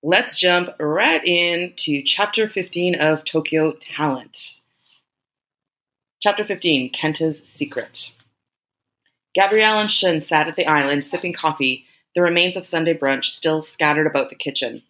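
A woman reading a story aloud as narrator in a measured, even way. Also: deep voice, poor audio. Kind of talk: scripted narration.

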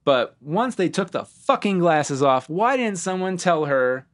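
Animated, swearing man hosting a podcast. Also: sits high, a little slow. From Ohio, US. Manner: animated, swearing, acts out movie lines. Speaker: podcast host. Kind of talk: casual podcast chat.

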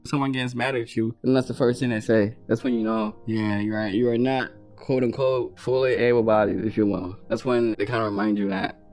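A young man from Ghana telling his own story in a quick, animated way, his voice slightly altered. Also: mid-range voice, soft background music. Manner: fast, animated retelling with quoted dialogue. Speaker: guest sharing his story. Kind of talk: personal storytelling.

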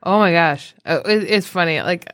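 Low-voiced woman, wry and dry. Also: normal speed, fairly bright tone, dry recording. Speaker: podcast co-host. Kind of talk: casual chat.

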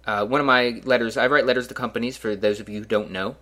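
A man's voice: medium pitch, quick pace, pushed and bright. Rambling, self-mocking male podcast host. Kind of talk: casual solo podcast monologue.

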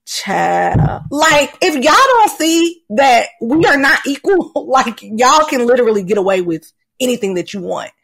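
A woman's voice: a little high, very animated, unhurried, vocal fry, a bit bright, rough recording. A woman co-hosting a podcast in casual chat, emphatic and indignant, often laughing as she talks. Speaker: podcast co-host.

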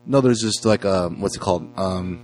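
A man co-hosting a casual movie podcast, talking in an animated way and quick to laugh. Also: low-pitched, faint music behind. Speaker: podcast co-host.

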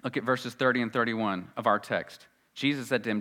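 A male pastor preaching a sermon, swinging between loud emphasis and quiet asides. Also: mid-range voice, a little fast.

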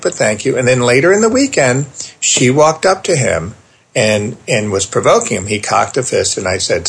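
A middle-aged man, a parenting therapist, telling a personal story in a lively conversational way. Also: mid-range voice, gravelly, husky. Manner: animated storyteller, quick asides. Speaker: therapist and parenting author, guest.

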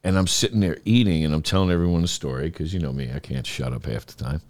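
A man telling a story in casual podcast chat, animated, swearing and laughing as he goes. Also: rumbling low, quick pace.

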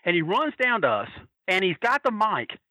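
Man, bright tense tone, dry close sound; lively raconteur who slips into character voices. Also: high voice, normal speed, no echo, poor audio. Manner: animated, acts out quoted voices. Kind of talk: casual anecdote telling.

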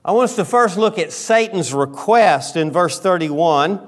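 A man preaching a sermon as pastor, talking slowly and deliberately with frequent pauses. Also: lively intonation. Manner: quiet, lowered voice in prayer.

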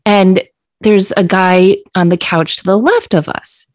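Animated woman telling a story. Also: a little slow, no room sound. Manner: animated, acts out quoted lines in a higher voice. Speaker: podcast co-host. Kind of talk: casual storytelling chat.

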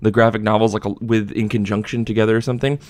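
A man's voice: lowish voice, little pitch movement, racing, a little mellow, no echo. A young man hosting a podcast, telling a story in casual chat and acting out the voices of people he quotes. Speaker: podcast host.

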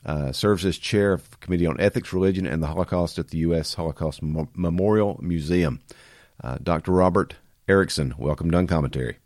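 Congested male podcast host, very low growly nasal voice, dry close sound, chatty and upbeat. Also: brisk, a little mellow, no echo. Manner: chatty, upbeat, with frequent fillers. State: congested from a sinus illness. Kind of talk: casual podcast interview.

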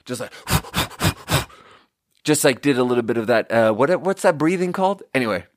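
A man's voice: mid-range voice, animated, fast, no echo, studio quality. A young man hosting a podcast, telling a story in a casual, profane way and laughing often. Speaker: podcast host.

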